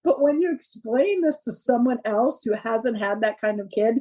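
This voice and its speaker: A mother of three, appearing as a guest in a casual interview, tells stories animatedly, packing her talk with fillers and laughter. Her pitch is fairly high and her speed normal, though the audio quality is poor.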